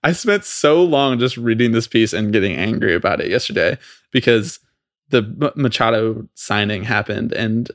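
A man with a fairly low voice rants on a podcast, fast and profane, his exasperation spilling over. The sound is dry and close to the mic. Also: animated, dry recording. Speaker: podcast co-host. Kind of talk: heated casual podcast rant.

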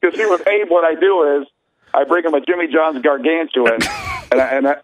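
A man's voice: fairly high pitch, brisk, lo-fi sound, noisy background. A man on a casual podcast telling stories, laughing and acting out the lines of other people. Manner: laughing, acts out quotes. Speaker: podcast co-host. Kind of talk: casual storytelling.

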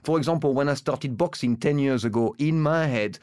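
A man's voice: mid-range voice, a little fast, a little mellow, clear, resonant tone. A man from France with a French accent, co-hosting a casual chat and musing earnestly at length. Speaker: podcast co-host.

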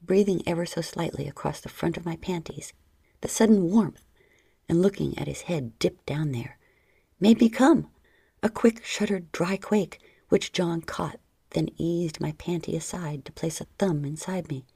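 A woman reading a first-person story in a low, breathy, half-whispered intimate voice, close to the mic. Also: measured pace, mellow, no room sound. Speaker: narrator.

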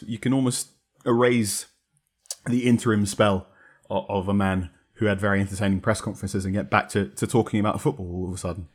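A man giving animated, analytical football talk in a podcast discussion. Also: low-pitched, fairly quick. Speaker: football pundit.

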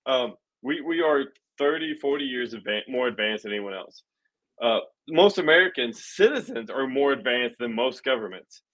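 A man's voice: mid-range voice, moderate pace, rough recording. A man in casual chat, joking and swearing, telling his points with exaggerated mock quotes. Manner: joking, profane, animated storytelling with mock quotes.

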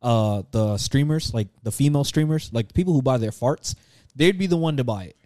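A man's voice: mid-range voice, expressive, brisk, warm tone, no room sound, studio quality. A young man co-hosting a podcast in casual chat, rambling and joking, often repeating himself. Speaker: podcast co-host.

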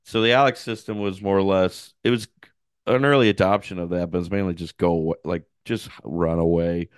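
A young man with a low, smooth, resonant voice co-hosts a casual podcast. He rambles through anecdotes, slips into quoted voices and laughs easily. The sound is dry and close. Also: steady tone, fairly quick, no room sound. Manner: rambling storyteller, acts out quotes, laughs a lot. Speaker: podcast co-host. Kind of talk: casual chat.

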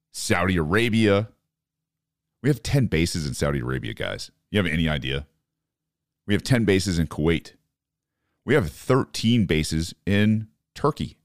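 A podcast host rants about current events in profane disbelief, delivering opinionated political commentary. His voice sits low, clear and resonant, recorded in a clean studio with no echo.

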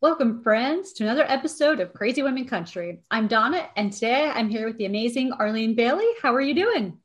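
A woman's voice: on the high side, lively intonation, a little fast. A woman hosting a podcast who welcomes her guest in an upbeat, friendly way and asks interview questions. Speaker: podcast host. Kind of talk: scripted intro then casual interview.

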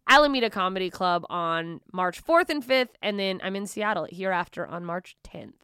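A woman's voice: fairly low pitch, animated, normal speed, pushed and bright, smooth, no room sound. A woman comedian guesting on a studio podcast, chatting casually with lots of profanity and self-mocking asides.

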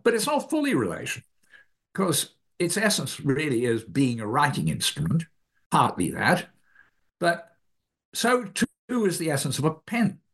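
A man, guest author, explaining ideas in an interview in a measured way, often correcting himself mid-sentence. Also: medium pitch.

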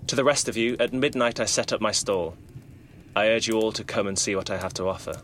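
A man's voice: lowish voice, steady tone, brisk, fairly bright tone, a little hiss or hum, lightly acted. A man doing a grave old salesman. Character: weary old male travelling salesman, stern and guarded.

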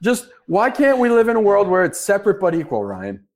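A man's voice: sits high, huge pitch swings, a little fast, a crowd in the background. Blunt, dry-humored podcast co-host man. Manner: blunt, dry, crude jokes. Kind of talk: casual sports podcast banter.

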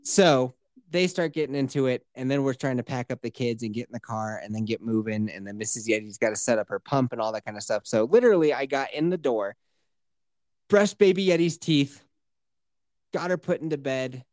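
A man's voice: mid-range voice, a little fast, a little mellow, no echo. A young man, the podcast host, telling rambling, crude stories in casual chat with frequent laughter.

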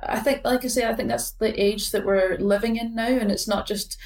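A woman's voice: on the high side, steady tone, moderate pace. A Scottish woman in her late twenties, a badminton player speaking as a guest, talking thoughtfully with hesitations, fillers and restarts. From Scotland. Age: late 20s. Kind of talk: casual interview chat. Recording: roomy sound from a distant mic.

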